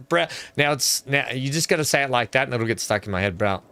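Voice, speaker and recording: Talking quickly with few pauses, this man streams a park-building game in an animated, medium-pitched voice with a sharp edge. He rambles to viewers, teases himself and thinks out loud, leaning on fillers. It's a clean, dry recording.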